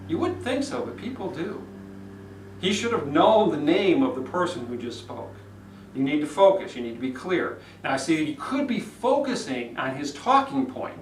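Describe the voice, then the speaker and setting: A man teaching public speaking, demonstrating phrasing with dramatic pauses and emphasis. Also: fairly high pitch. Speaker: speaking coach. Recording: echoey room from far off with faint noise.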